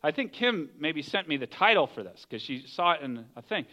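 Animated high-voiced male pastor preaching. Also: a little fast. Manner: animated storytelling, acts out voices of characters. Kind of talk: sermon.

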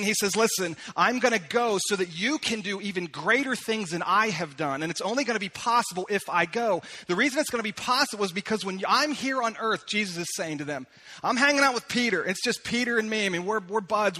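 A male pastor preaching from the front of a church sanctuary. His voice sits high and sounds bright and forward. He talks to the congregation in a relaxed, conversational way and slows down deliberately when he reads scripture. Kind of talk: sermon.

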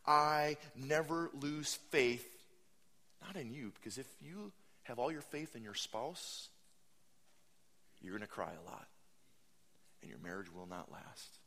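Bright-voiced animated male pastor. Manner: animated, mocking voices in high pitch, swings loud and soft. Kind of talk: sermon.

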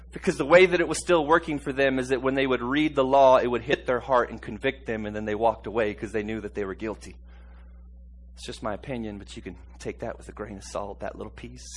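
A man preaching a sermon, swinging between hushed, slow passages and loud, high-pitched outbursts, with frequent chuckles and calls for the congregation to repeat after him. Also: slightly rough.

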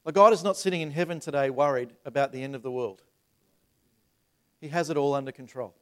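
A man's voice: medium pitch, brisk, fairly bright tone. A man in his thirties preaching a sermon to a congregation, talking in a conversational way that rises into emphatic passages. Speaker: pastor. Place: church sanctuary.

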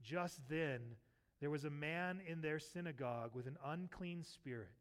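Male pastor, higher voice, animated sermon storyteller who acts out the text. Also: measured pace. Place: church sanctuary.

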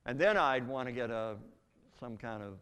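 Older man, earnest testimony, halting restarts, long hall reverb. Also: mid-range voice, lively intonation, a bit bright, clean tone. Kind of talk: spoken testimony.

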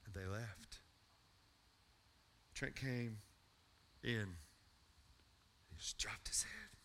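A middle-aged pastor with a drawl preaches, his voice very bright and forward. He tells a story warmly, then presses hard in a fervent call to come forward. A faint hiss of noise sits under the recording. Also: fairly low pitch, slow pace, pauses often. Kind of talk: sermon with personal story.

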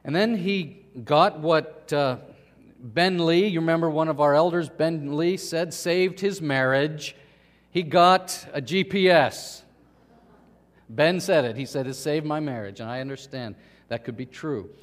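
A male pastor delivering a sermon with animated storytelling, speaking to the children and the congregation. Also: a little high, unhurried, big-room sound.

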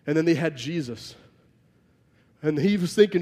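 A man's voice: fairly high pitch, fairly quick, dark tone. A man preaching a sermon, telling the story vividly and emphatically and acting out the scenes. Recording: long reverb from a large hall.

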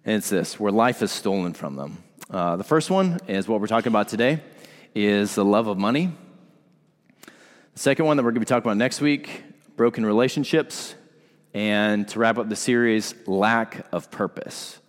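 A man's voice: fairly low pitch, animated, moderate pace, long reverb tail. A man preaching a sermon in a conversational way, speaking directly to his congregation. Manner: conversational, asks the congregation to respond. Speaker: pastor.

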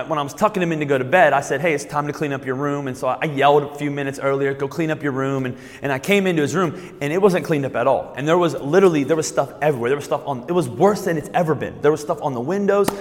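A man preaching a sermon as pastor. He repeats and restarts words, then slows down and lifts his voice to stress key points. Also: fairly high pitch, big-room sound.

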